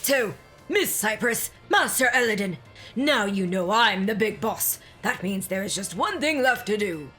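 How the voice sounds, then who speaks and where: A woman's voice: medium pitch, animated, measured pace, pushed and bright, husky, soft background music, exaggerated voice. A woman voicing a theatrical male academy director who turns out to be the villain, reading game dialogue aloud in a hammy, grandiose way.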